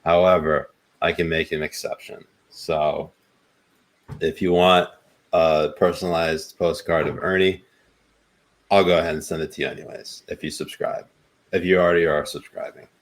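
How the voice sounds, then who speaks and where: A man's voice: a bass voice, flat delivery, normal speed. A man co-hosting a podcast, chatting casually and laid-back with plenty of ums. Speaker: podcast co-host. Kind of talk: casual chat.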